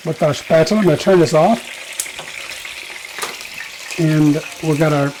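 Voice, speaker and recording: A man's voice: a little high, unhurried, pauses often, darkish tone, a little hiss or hum. A man hosting a casual home cooking show, chatting to viewers and joking at himself as he cooks in his kitchen.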